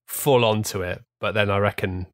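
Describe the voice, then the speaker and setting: A man chats loosely on a comedy podcast, spinning rambling stories and mimicking the people in them. His voice sits low and the recording is dry and close, with no room sound at all. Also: fairly even intonation, normal speed, dry recording. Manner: rambling anecdotes with mimicked quotes. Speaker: podcast co-host. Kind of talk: casual comedic chat.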